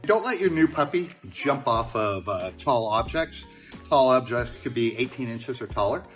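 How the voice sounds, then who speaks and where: Calm, plain-spoken male dog trainer. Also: mid-range voice, normal speed, faint music behind. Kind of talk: instructional talk to camera.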